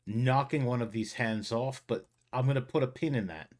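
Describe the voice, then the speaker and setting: A man playing a tabletop game, thinking out loud in a wry, musing way. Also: medium pitch, moderate pace. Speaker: player.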